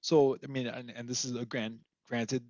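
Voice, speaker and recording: A man's voice: medium pitch, flat delivery, moderate pace, a little mellow. A podcast guest from Minnesota talks candidly and rambles, with plenty of fillers. His voice is in the middle range. The audio is dull and lo-fi, in a dry room with no echo. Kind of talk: casual podcast conversation.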